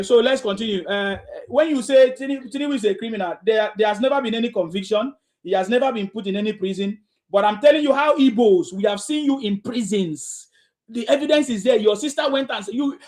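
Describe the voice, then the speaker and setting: A man hosting a heated live talk room, lecturing listeners in a repetitive, confrontational way. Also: extremely high pitch.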